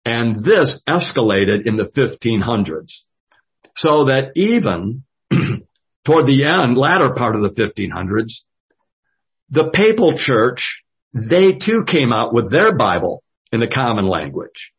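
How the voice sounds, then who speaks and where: Man, Bible study leader, halting delivery, husky tone, muffled low-fi recording. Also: very animated. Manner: slow and halting, with many fillers. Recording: dull lo-fi audio.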